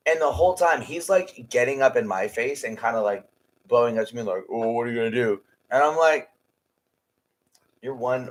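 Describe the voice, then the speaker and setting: A man's voice: medium pitch, rough recording. Blunt, profane man ranting on a podcast. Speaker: podcast co-host and haunted house scare actor. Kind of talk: casual podcast chat.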